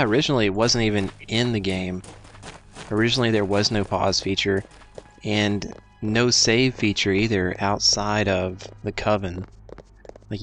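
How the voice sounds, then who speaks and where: A man's voice: fairly low pitch, fairly bright tone, slight background noise. A man hosting a let's play, giving casual gameplay commentary that is rambling, self-deprecating and thinking aloud.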